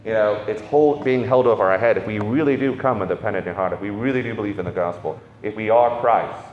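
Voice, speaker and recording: A man preaching an informal sermon on catechism, conversational and animated, often asking "right?" between points. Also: on the low side, fast, muffled recording. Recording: echoey hall, faint ambience.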